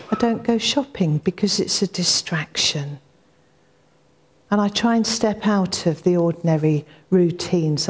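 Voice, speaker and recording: A woman's voice: on the low side, a little mellow. A woman preaching a sermon in an earnest, reflective way, repeating key lines for emphasis.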